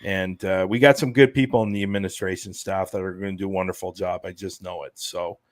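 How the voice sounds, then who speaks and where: A man's voice: low voice, steady tone, fast talker, no echo, clean studio sound. A man explaining plans as a guest in a casual podcast interview, rambling with plenty of fillers. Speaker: guest, event organizer.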